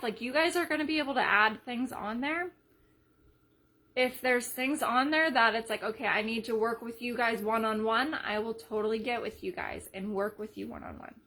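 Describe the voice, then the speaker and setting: A woman leading a sales team in a casual live video, chatty and energetic, retelling conversations as she goes. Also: on the high side. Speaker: team leader.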